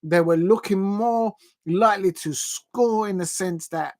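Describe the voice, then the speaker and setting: A man's voice: sits high, measured pace. A man giving live, rambling football watch-along commentary, chatting casually to his viewers and often correcting himself. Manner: rambling and excitable, with frequent restarts and self-corrections.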